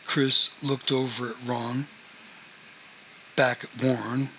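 A man reading a novel aloud in a measured, even narrating voice. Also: medium pitch, a little hiss or hum, poor audio. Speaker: audiobook narrator.

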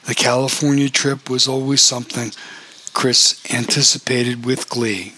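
A man reading an audiobook in a steady, even storytelling voice. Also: medium pitch, unhurried, a little hiss or hum. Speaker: audiobook narrator.

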